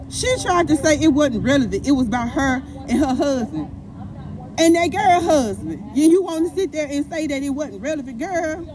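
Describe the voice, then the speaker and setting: A woman, recapping a court trial in casual chat, emphatic and animated, repeating phrases and calling the viewers y'all. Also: high-pitched, moderate pace, crowd noise, poor audio.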